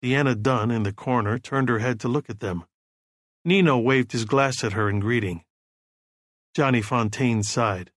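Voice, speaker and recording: A man narrating a novel as an audiobook in a steady, measured storytelling voice. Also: medium pitch, no room sound, clean studio sound. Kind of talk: scripted narration.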